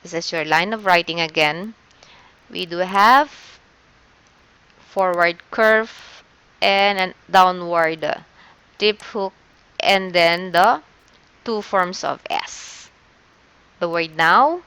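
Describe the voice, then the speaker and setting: A Filipino woman teaches an online lesson, walking through each step patiently. Her voice is smooth and clear, sitting a little low. She speaks very slowly. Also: bright, forceful tone. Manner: patient, explains step by step, frequent "okay". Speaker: shorthand teacher.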